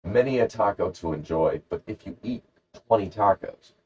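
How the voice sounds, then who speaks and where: A man with a fairly low voice that rises and falls a lot, rambling through a jokey story in casual chat. The audio is muffled and lo-fi, like a home podcast recording. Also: expressive, normal speed, a little mellow, husky. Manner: rambling, jokey, acts out characters. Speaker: podcast host.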